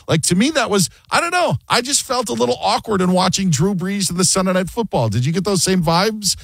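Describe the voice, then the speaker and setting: A man's voice: sits high, lively intonation, fairly quick, vocal fry, few pauses, fairly bright tone, slightly rough, no room sound. A man hosting a sports radio show, chatting casually and joking, often mimicking other people mid-story.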